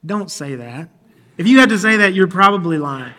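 A man preaching a sermon as a pastor. He speaks earnestly, often repeats or restarts his words, and clears his throat from time to time. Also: high-pitched, lively intonation, normal speed, sharp tone, in a large hall.

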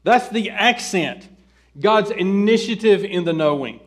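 Preaching an expository sermon at a measured pace, this male pastor has a high-pitched, animated voice. He reads from scripture and questions the congregation, shifting from hushed asides to forceful, loud appeals.

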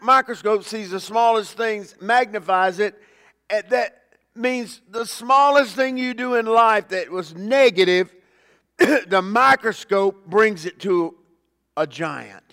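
A man preaching a sermon in a folksy way, rising loud on scripture and dropping soft for asides. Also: sits high, clean tone, long reverb tail. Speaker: pastor.

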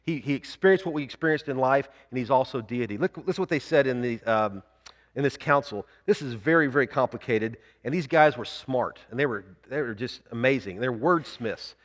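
A man preaching a sermon as pastor, earnest and explaining, slowing down when he reads scripture aloud. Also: medium pitch, big-room sound.

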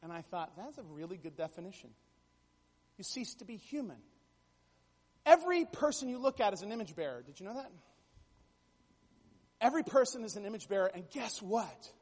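Guy preaching, high voice, chatty stories then punchy emphatic lines, long hall echo. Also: big pitch swings, normal speed, long pauses, darkish tone, husky. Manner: storytelling, jokey asides, rising to emphatic bursts. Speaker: pastor. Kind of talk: sermon.

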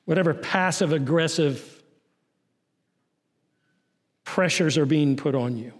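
High-voiced preaching man in a reverberant hall. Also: slow. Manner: preaching with rising and falling intensity, dropping low and soft on key lines. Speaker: pastor. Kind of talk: sermon.

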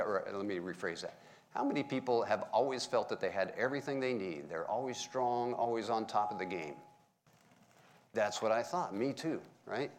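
A middle-aged man giving a casual, joking sermon to his congregation. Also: medium pitch. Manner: folksy, joking with the congregation, animated. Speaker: pastor. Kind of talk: conversational sermon.

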